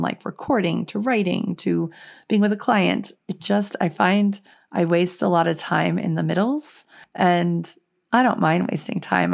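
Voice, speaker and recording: A woman with a raspy, hoarse voice, hosting her podcast in a chatty, reflective monologue. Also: lowish voice. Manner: chatty and reflective, with frequent "like" fillers. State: hoarse, voice going. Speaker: podcast host.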